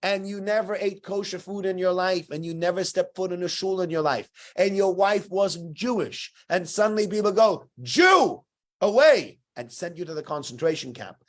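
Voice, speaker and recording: A man giving a weekly Torah talk in an animated, conversational storytelling manner. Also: high-pitched, normal speed, few pauses. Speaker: Torah teacher.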